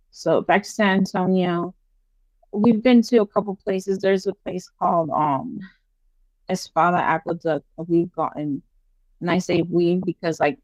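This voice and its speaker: A woman's voice: fairly low pitch, no echo. Chatty woman telling ghost stories. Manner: chatty, animated, full of "like" and "you know". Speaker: podcast guest. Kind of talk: casual storytelling interview.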